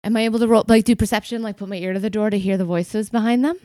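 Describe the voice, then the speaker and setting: A woman's voice: mid-range voice, steady tone, racing, warm tone, no room sound. A woman playing in a tabletop game, speaking in a chatty, slightly scattered way. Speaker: player. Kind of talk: casual game chat.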